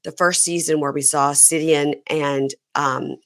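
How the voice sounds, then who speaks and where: A woman hosting a podcast, chatting casually as she recaps a reality show, animated and laughing often as she acts out what people said. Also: low-pitched, measured pace, no room sound, clean studio sound. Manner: animated storyteller who acts out quoted people. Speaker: podcast host.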